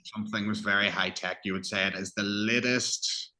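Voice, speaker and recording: A man's voice: fairly low pitch, fairly even intonation, moderate pace, bright, forceful tone. A man teaching an English vocabulary class, asking students questions and praising their answers patiently.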